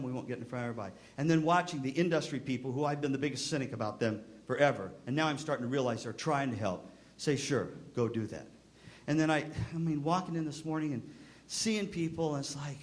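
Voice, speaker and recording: A man's voice: on the high side, quick pace. A middle-aged man giving a storytelling speech to band directors at a convention, acting out voices in his stories. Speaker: keynote speaker to band directors. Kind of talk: storytelling speech to a live audience. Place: convention hall.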